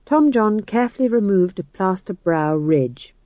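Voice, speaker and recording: Wry, expressive male audiobook narrator. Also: high voice, normal speed, dry recording, phone-quality sound.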